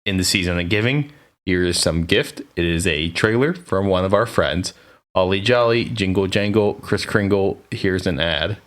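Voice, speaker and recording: American guy cohosting a podcast, low voice, jokey and rambling. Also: normal speed, fairly bright tone. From United States. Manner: joking, teasing, rambling. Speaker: podcast co-host. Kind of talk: casual chat.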